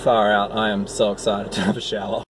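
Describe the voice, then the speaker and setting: A man talking casually to the camera in a self-filmed vlog, excitable and rambling, outdoors on a trail. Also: fairly low pitch, a little fast, background noise. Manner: excitable, rambling, swears mildly. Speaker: vlogger, trail runner.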